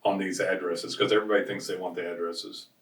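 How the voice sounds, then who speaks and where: A low-pitched man talks fast with little pitch movement, his voice a bit bright. He co-hosts a business podcast and tells stories in a casual, rambling way, restarting often. He's off-mic, so the sound is distant and roomy.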